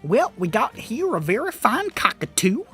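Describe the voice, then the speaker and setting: A woman's voice: a little high, sing-song, normal speed, fairly bright tone, soft background music. A woman running a tabletop game as game master, casual and laughing often between lines.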